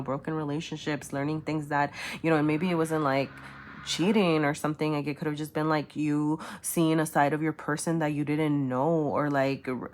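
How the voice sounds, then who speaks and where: Woman, low pitch, casual tarot reader, rambling, fillers, frequent "right?". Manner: rambling, many fillers, asks "right?" and "okay?". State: choked up at times. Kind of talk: casual tarot reading to camera.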